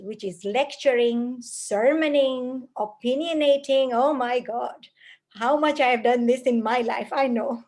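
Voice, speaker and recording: A woman speaks in a voice a little higher than most. She lectures earnestly, stacking her points into repeated lists, with a self-mocking laugh here and there. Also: lively intonation, measured pace, darkish tone. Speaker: parenting speaker. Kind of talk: spoken lecture.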